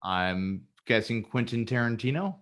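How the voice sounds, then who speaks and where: A man's voice: medium pitch, unhurried. A man hosting a podcast, joking crudely in casual chat. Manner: crude, animated joking with frequent laughter. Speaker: podcast host.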